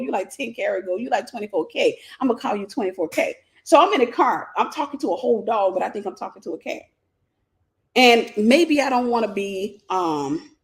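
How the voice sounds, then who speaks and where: A woman teaching a faith-based life lesson in a conversational way, telling stories with playful asides and acted-out voices. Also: fairly high pitch. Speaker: Christian teacher and mentor.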